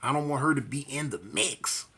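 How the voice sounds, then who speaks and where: A man telling a street fight story in slangy, animated talk, acting out voices and punch sounds. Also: mid-range voice, normal speed, slightly rough.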